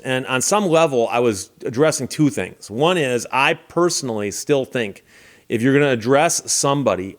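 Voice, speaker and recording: A middle-aged man hosting his own channel, casually telling stories to camera in a relaxed, wry way and chuckling now and then. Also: medium pitch. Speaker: YouTube channel host.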